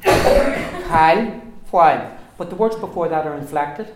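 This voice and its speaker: An Irish man teaching an Irish language class, explaining pronunciation and repeating words slowly for his students. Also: a little high. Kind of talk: classroom lesson. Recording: echoey classroom from far off, noisy.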